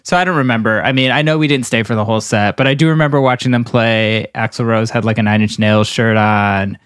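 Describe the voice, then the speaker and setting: A man in his forties co-hosts a relaxed conversation, talking in long winding runs full of "you know" and "like". His pitch sits in an ordinary middle range. The recording is dry and close. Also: brisk, clear, resonant tone, dry recording. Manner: rambling, heavy with fillers like "you know" and "like". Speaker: podcast co-host. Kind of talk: casual chat.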